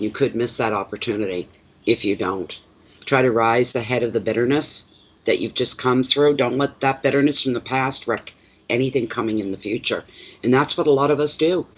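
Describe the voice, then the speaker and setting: A tarot reader with a Canadian accent works through a live reading, chatty and plainspoken, repeating words for emphasis and responding to chat comments. His middle-range voice has a breathy edge, and the recording is dull and lo-fi.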